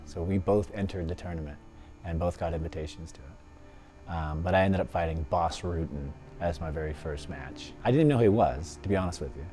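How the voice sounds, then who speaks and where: A man, a former fighter, telling his life story in an interview, lively and often laughing as he acts out what others said. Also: low voice, a little fast, soft background music.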